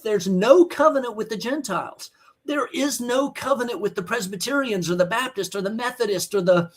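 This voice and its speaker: Husky man, fiery preaching. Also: high-pitched. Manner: emphatic, blunt and scolding. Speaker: Bible teacher. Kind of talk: online teaching sermon.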